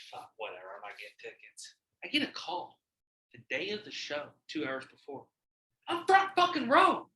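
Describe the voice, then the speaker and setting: A man hosting a casual podcast, telling animated, profane stories and acting out the quotes. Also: medium pitch, roomy sound, low-quality recording. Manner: animated, profane storyteller who acts out quotes. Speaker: podcast host. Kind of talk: casual podcast chat, storytelling.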